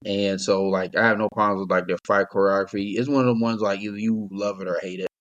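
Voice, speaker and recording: A man's voice: on the low side, fairly even intonation, fast, a bit bright, dull audio. A young man co-hosting a casual podcast, talking in a rambling, laid-back way and laughing often. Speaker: podcast co-host. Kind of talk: casual chat.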